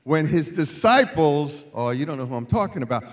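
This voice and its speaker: A man preaching as a guest speaker at a church celebration, moving from quiet storytelling to loud calls to the congregation. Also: a little high, very animated, normal speed, few pauses, a faint crowd. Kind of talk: sermon.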